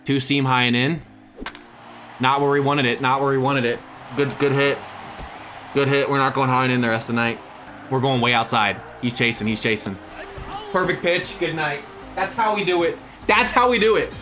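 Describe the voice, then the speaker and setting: A young man talks over his own game in a bright, forceful voice, jumping from loud hype to low muttering. He sounds close to a desk mic at home. Soft background music plays beneath him. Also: moderate pace, long pauses. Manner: excitable, swings between hype shouts and muttered asides. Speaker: gaming YouTuber. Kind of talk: excited live gameplay commentary.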